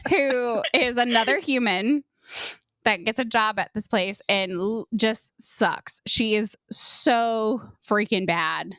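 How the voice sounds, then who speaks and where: A woman's voice: a little high, slow pace, a bit bright, no room sound, studio quality. A young adult woman co-hosting a podcast, retelling a book's plot in a chatty way full of "like" and quoted asides. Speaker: podcast co-host. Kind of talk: casual book discussion.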